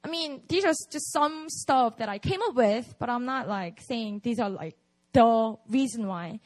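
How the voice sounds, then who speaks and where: Korean lady preaching, high voice that jumps all over, chatty and blunt. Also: animated, moderate pace, darkish tone. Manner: candid, conversational, lots of "like" and "you know". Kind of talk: sermon at a prayer meeting.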